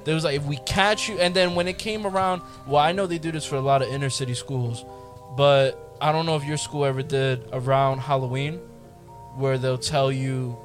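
A man's voice: mid-range voice, steady tone, moderate pace, faint music behind. A man from New Jersey telling a school story in a loose, swearing, casual way on a podcast. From Newark, New Jersey. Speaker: podcast co-host.

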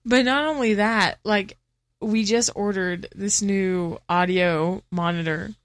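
A woman's voice: medium pitch, steady tone, slow pace, dry recording. A young woman co-hosting a casual podcast, bubbly and teasing, laughing often. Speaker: podcast co-host. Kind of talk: casual chat. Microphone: studio headset mic.

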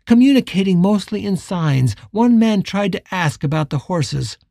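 A man reading a western novel chapter aloud as an audiobook narrator, measured and dramatic. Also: sits high, animated, gravelly, warm tone, dry recording, clean studio sound. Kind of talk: scripted narration.

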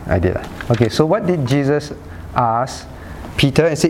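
A man's voice: a little high, animated, moderate pace, a little mellow, a little hiss or hum. A man pastor leading a Bible study in sermon style, often asking "right?" and calling on listeners by name. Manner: rhetorical "right?" checks.

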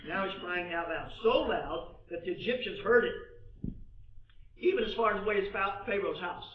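A male preacher with a high voice delivers an animated sermon and acts out the scripture dialogue himself. He is heard from a distance in an echoey room. The sound is dull and muffled. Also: moderate pace. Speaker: pastor.

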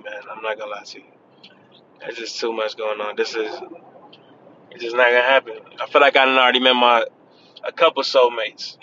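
A man chats loosely to his audience while he sits in a car. His voice is bright and forward. The recording sounds dull and lo-fi, with a faint vehicle hum underneath. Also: medium pitch. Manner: loose and chatty, says "man" and "y'all" often. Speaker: vlogger. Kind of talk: casual monologue to viewers.

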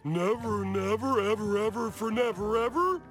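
A man's voice: high-pitched, normal speed, lightly acted. A man voicing a dim-witted, childish cartoon starfish who whines the same words over and over, over music. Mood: whiny. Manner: repetitive, whiny.

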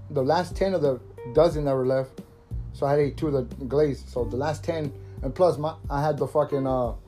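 A man's voice: on the high side, dark tone. Profane laid-back thirty-year-old guy. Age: 30s. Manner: profane, rambling, laughing. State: coughing from smoking. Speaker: podcast host. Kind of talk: casual stoner monologue. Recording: faint guitar music behind.

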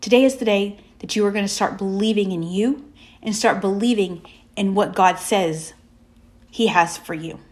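A woman giving a faith-based motivational talk, speaking in emphatic, repeated affirmations with slow, drawn-out pauses. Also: mid-range voice, a little mellow.

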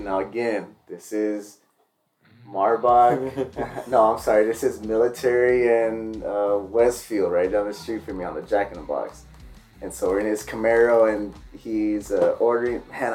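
A man telling funny stories in a casual podcast chat, acting out the people in them. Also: fairly low pitch. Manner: animated, acts out the people in his stories.

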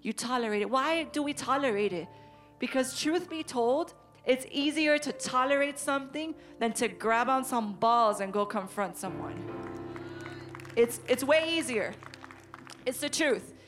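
A woman in her thirties preaching a sermon to young people, animated and emphatic. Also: high-pitched, measured pace, soft background music. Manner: animated, acts out quotes, rising to emphatic declarations. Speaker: youth preacher.

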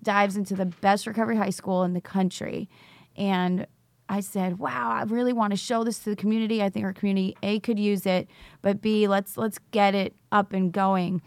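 A woman's voice: mid-range voice, fairly even intonation, normal speed, gravelly, no room sound. A middle-aged woman, a teacher, telling her story in an interview and acting out the dialogue as she goes. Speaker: teacher, recovery school founder.

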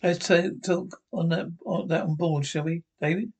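A man's voice: a little high, steady tone, moderate pace, darkish tone, slightly rough. An actor playing a pompous, self-important male hologram officer who chairs a crew meeting, with a prissy, officious, patronizing manner in a scripted sitcom. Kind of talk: scripted television sitcom acting.

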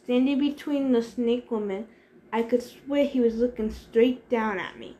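A woman reading a novel aloud in steady first-person narration. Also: a little high, unhurried. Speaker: reader. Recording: echoey room, faint hiss.

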